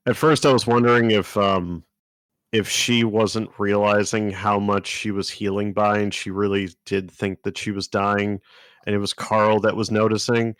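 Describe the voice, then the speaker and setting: A man with a fairly low voice chatting on a book podcast, trading crude jokes and swearing freely. His voice is dry and close, with no room sound around it. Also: flat delivery, normal speed, a bit bright, smooth, dry recording. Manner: crude, joking, laughs at his own lines. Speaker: podcast co-host. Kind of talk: casual book-club chat.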